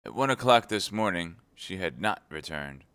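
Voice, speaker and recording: A cold, calculating cardinal, as a man reading aloud plays him, questions in a deep, unhurried tone. He stays measured and commanding. The sound is dry and close. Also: expressive, fairly bright tone, clean tone, no room sound. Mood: probing. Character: cold, shrewd older male cardinal, commanding.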